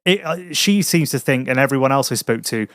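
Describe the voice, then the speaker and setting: Bloke telling a filthy story on a podcast, cursing nonstop, voice swings up and down a lot, dead dry mic. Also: male voice, mid-range voice, expressive, a little fast, fairly bright tone, no room sound. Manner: crude, swearing, laughing storyteller. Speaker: podcast host. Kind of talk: casual chat.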